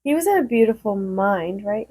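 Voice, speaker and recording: A woman co-hosting a podcast, chiming in with quick, skeptical questions in casual chat. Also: medium pitch, expressive, warm tone, breathy edge. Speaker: podcast co-host.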